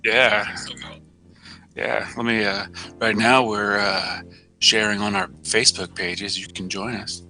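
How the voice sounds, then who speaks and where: A man hosting a live-streamed show in casual chat, joking and laughing often, with soft music behind. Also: fairly low pitch, little pitch movement, measured pace. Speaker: show host. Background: soft background music.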